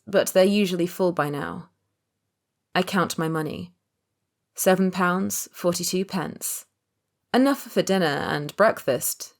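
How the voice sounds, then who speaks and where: Low-voiced woman narrating an audiobook. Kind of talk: first-person scripted narration.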